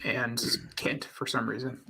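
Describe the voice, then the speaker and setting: A man's voice: mid-range voice, level tone, a little slow, gravelly, bright, forceful tone, a little hiss or hum. A man from Michigan on an election livestream, reading county results in a matter-of-fact way. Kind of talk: casual election-night chat.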